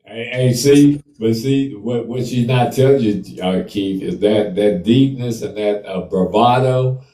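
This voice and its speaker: A man hosts a casual group chat, speaking slowly and deliberately in a laid-back, joking way. His voice is mellow and dark. He sits back from the mic in an echoey room. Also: medium pitch, recorded from a distance. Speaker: podcast host.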